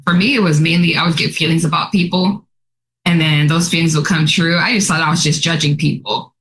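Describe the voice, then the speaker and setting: A woman's voice: deep voice, a bit bright, a little hiss or hum. A woman guest on a podcast, easygoing and laughing lightly as she talks. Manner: easygoing, laughs between phrases. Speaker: psychic guest. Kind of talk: casual interview chat.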